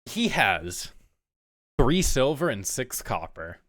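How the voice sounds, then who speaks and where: A man narrating as game master in a tabletop game, animated and laughing often. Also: medium pitch, slow, dry recording, clean studio sound.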